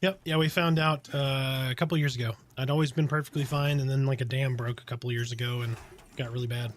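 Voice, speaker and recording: A man's voice: mid-range voice, fast. A man streaming a game, chatting casually with his viewers and answering their questions while he plays. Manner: relaxed, chatty, reads and answers chat while focused on the game. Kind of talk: casual live-stream chat while playing.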